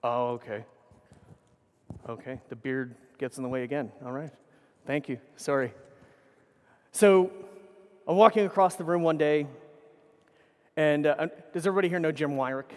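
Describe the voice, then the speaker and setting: A man's voice: on the high side, normal speed, long pauses. Rambling man telling stories in a reverberant hall. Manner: rambling anecdotes with swearing and self-corrections. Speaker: keynote speaker. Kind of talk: conference keynote storytelling. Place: conference hall stage. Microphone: stage microphone.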